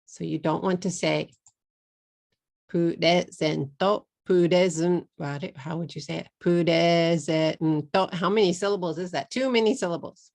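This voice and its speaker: Texan woman, English teacher, low gravelly voice, slow careful drilling of words. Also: a little mellow. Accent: Texas. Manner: slow, drawn-out model words, repeated for learners. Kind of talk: pronunciation lesson.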